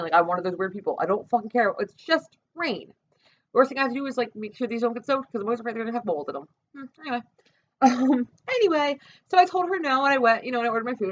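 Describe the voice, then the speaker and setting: A woman's voice: mid-range voice, fairly bright tone, muffled recording. A woman rambling profanely and self-deprecatingly in a casual vlog, talking to her own camera. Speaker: vlogger. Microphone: camera mic.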